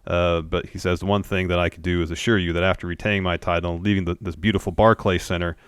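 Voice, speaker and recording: A man's voice: deep voice, level tone, fast talker, clean tone, no room sound, clean studio sound. A man co-hosting a podcast, recapping wrestling in laid-back casual chat and reading out quotes. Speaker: podcast co-host.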